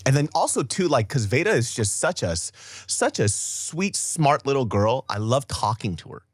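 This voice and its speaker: Animated man with a lively voice. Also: medium pitch, moderate pace, breathy edge, dry recording, clean studio sound. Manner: animated, laughs often, acts out loud shouting in stories. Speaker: podcast co-host. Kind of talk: casual chat.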